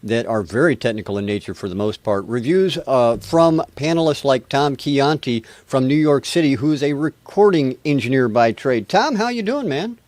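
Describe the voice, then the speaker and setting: A man's voice: medium pitch, lively intonation, moderate pace, few pauses, a little mellow, dry recording. An American man hosting a live music review webcast, chatty and rambling with a self-deprecating touch. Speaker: show host.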